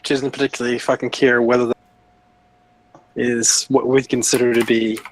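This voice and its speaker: A man's voice: mid-range voice, little pitch movement, moderate pace, dry recording, low-quality recording. Casual, swearing man playing a tabletop game. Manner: casual, swears often, hesitant. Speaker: player.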